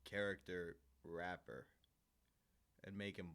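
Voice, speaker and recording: A man making dry asides and pitching ideas in a casual comedic chat. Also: little pitch movement, takes it slowly, a bit bright.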